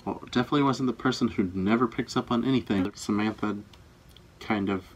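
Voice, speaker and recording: A man's voice: lowish voice, brisk, dull audio, slight background noise. A young man chatting casually with his girlfriend in a couple's video, with a dry, teasing way of talking. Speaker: boyfriend in a couple's tag video. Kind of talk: casual chat.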